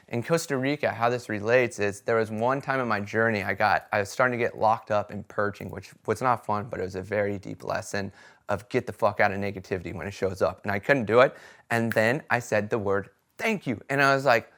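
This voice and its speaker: A man chatting casually to camera about his experiences, telling stories in an animated way and often checking in with "right?" and "okay?". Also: on the low side, fairly quick. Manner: animated storytelling, acts out quoted voices; conversational fillers like "right?" and "okay?". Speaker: vlogger sharing experiences.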